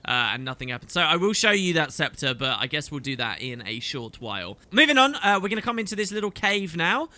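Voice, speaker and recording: A man's voice: very animated, quick pace, few pauses, pushed and bright. A man in his thirties narrating a video game playthrough, chatty and enthusiastic. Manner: enthusiastic, chatty, swoops in pitch. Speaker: let's play host. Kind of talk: game commentary.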